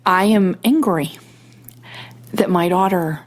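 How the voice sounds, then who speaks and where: Getting over a cold, a middle-aged podcast host speaks slowly in a lowish voice. She chats casually through a personal story, full of quoted dialogue and jokes at her own expense.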